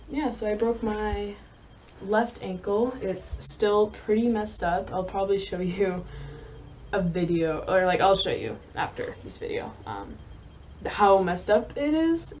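A young woman vlogging, telling a story in a rambling, halting way with many fillers and soft laughs. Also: medium pitch, animated, slight background noise. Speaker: vlogger and horse rider. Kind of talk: casual storytelling to camera.

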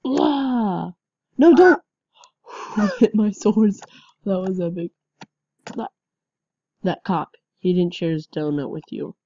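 A woman chatting through a game as she plays, yelping and laughing as things go wrong. Her voice is on the low side and mellow, and she talks slowly between outbursts. The recording sounds dull and lo-fi. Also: dry recording. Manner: excitable, yelps and laughs at the game. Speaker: gameplay commentator. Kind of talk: casual game commentary.

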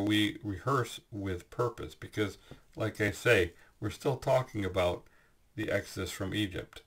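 A man giving a Bible teaching, explaining scripture in a measured way with frequent pauses and fillers. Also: fairly low pitch.

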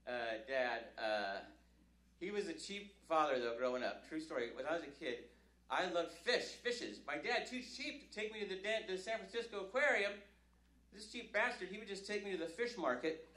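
A man's voice: a little high, expressive, normal speed, bright, forceful tone. Male stand-up from Northern California, loose and self-mocking, recorded live in an echoey club. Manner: self-deprecating, rambling with restarts. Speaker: stand-up comedian. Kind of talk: stand-up comedy set. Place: comedy club stage.

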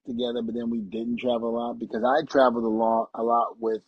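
A man's voice: medium pitch, flat delivery, fast, husky, no room sound, dull audio. A middle-aged man, a retired pro wrestler, telling casual anecdotes as a guest and laughing through them.

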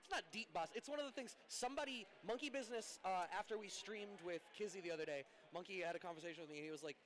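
A man's voice: high-pitched, racing, few pauses, fairly bright tone. A man commentating a fighting game stream in casual chat, teasing his co-host and explaining local pronunciations. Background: background music.

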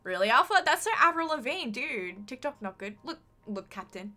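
A woman's voice: a little high, big pitch swings, normal speed, sharp tone, soft background music. A young woman with a mild Australian accent, chatting casually on a live stream, swearing freely and reading chat aloud.

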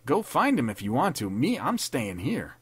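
A man's voice: medium pitch, huge pitch swings, normal speed, fairly bright tone, husky, voice pushed up, full character voice. A man voicing a cynical young army private, tough and slangy, in a read-aloud pulp story. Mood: scornful. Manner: tough slangy street talk.

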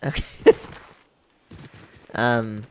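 A man's voice: mid-range voice, fairly even intonation, drawn-out words, darkish tone, slight background noise. A man streaming a game, chatting loosely and laughing with a friend. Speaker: gaming streamer. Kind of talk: casual gaming chat.

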